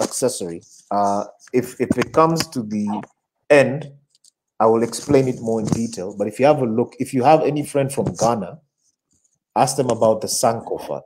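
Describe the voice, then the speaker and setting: A male creative director talking through questions from viewers in a relaxed interview. His delivery is animated and he often doubles back on words mid-thought. His voice sits at an ordinary pitch for a man. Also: a little hiss or hum, low-quality recording. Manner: animated, repeats words while searching for them. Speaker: advertising creative director, guest. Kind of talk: casual online interview, answering audience questions.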